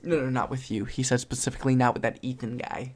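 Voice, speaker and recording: A man's voice: mid-range voice, little pitch movement, fast talker. A man co-hosting a casual film podcast, laughing, teasing and swearing freely. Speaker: podcast co-host. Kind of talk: casual chat.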